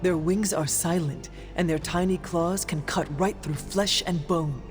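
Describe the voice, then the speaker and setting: A formal, dry-witted gentleman. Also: high-pitched, steady tone, unhurried. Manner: formal, dry, precise diction. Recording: game audio with faint music.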